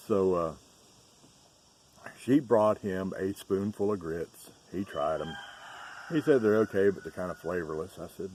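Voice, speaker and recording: A middle-aged farm vlogger from the Southern United States, with a Southern Georgia accent, tells stories in a chatty, folksy way outdoors on his rural farm. His voice is low and a little mellow, a bit slow with long pauses, and there's slight background noise.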